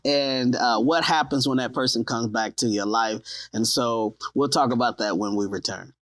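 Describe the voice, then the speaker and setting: A man's voice: mid-range voice, moderate pace, a bit bright. A man hosting a faith-based talk show, affirming his guest and speaking directly to the viewers. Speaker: host.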